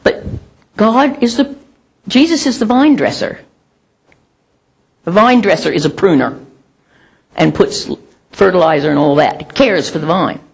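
Gravelly-voiced woman preaching a sermon. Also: lowish voice, expressive, unhurried, pauses often. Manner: conversational, emphatic, self-mocking humor.

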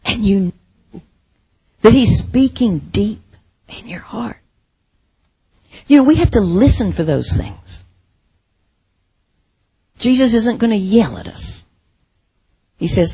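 A middle-aged woman preaching a sermon, expressive, with soft dramatic pauses. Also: medium pitch, breathy edge, no echo.

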